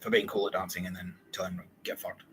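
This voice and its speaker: A young man hosting a podcast, rambling through a profane, excitable solo monologue that jumps from idea to idea. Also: low voice, a little hiss or hum, rough recording. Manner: profane, excitable, fast-shifting and digressive. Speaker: podcast host.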